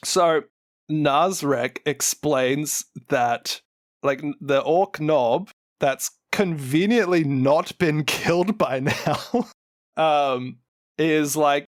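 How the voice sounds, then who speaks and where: A man with a New Zealand accent co-hosts a podcast and retells lore with animated energy. He laughs often and slips into acted quotes. His voice sits fairly high for a man, and the recording is close and dry. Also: extremely slow, dry recording. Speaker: podcast co-host.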